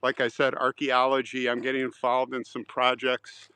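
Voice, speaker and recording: A man on a live outdoor stream, chatting casually and joking with his viewers, now and then clearing his throat. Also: mid-range voice, completely flat delivery, normal speed, pushed and bright, dry recording, low-quality recording. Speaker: vlogger reading live chat. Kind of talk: casual live-stream chat while walking a cemetery. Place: outdoor cemetery.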